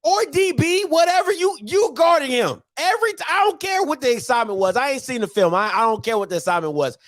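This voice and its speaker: A man hosting a sports recap show, ranting in excitable, slangy trash talk and repeating himself for emphasis. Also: very high voice, fairly quick, no room sound, studio quality. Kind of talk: animated sports recap rant.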